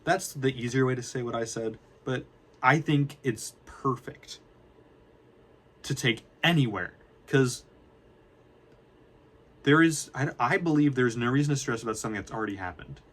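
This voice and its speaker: A man's voice: mid-range voice, normal speed, pauses often, fairly bright tone. Rambling young man talking casually. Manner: rambling, self-correcting, casual slang. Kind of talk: casual unscripted talk to camera.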